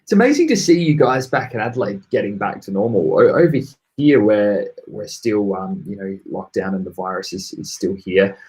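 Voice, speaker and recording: A man's voice: lowish voice, animated, normal speed, hardly any pauses, darkish tone, rough recording. A man with an English accent co-hosting a casual podcast over a call, a chatty storyteller who laughs often. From England. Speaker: podcast co-host.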